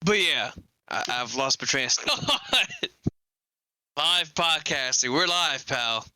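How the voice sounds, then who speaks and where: A man's voice: fairly high pitch, sing-song, slow pace, bright, forceful tone, no room sound. A man hosting a casual live podcast, chatting loosely and rambling about wrestling. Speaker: podcast host.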